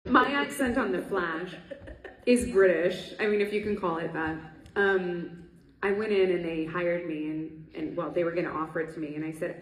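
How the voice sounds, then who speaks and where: A woman's voice: on the low side, normal speed. A woman talking as a panel guest at a convention, chatty and laughing, with many ums and restarts. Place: convention stage hall. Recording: echoey hall.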